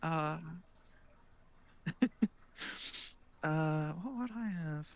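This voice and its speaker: A man's voice: a little high, very slow. Laughing, hesitant man guest. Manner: laughs often, hesitant with many fillers. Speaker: streamer guest. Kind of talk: casual chat.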